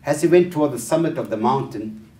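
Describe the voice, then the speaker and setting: A man's voice: medium pitch, expressive, quick pace, warm tone. A man giving a workshop talk on family life, telling stories and acting out the dialogue with hesitant fillers. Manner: storyteller who acts out the dialogue in changed voices, with frequent fillers. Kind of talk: lecture told through stories. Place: talk venue, roomy space. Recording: roomy echo, distant mic.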